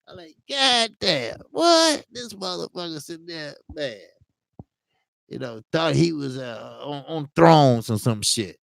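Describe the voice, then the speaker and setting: A man's voice: mid-range voice, creaky, fairly bright tone, dry recording, clean studio sound. A man hosting a casual boxing talk livestream, telling a funny story with slang, laughing often and tagging lines with "man". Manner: drawn-out, repeats "man". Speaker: host of a boxing talk stream.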